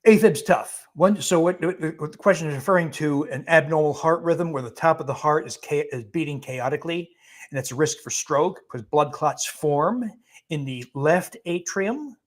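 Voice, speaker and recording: A man, a physician on as a guest, responds to viewers in a live Q&A with a fairly high pitch. His explanations are brisk and emphatic, sprinkled with chuckles and blunt rejections of bad advice.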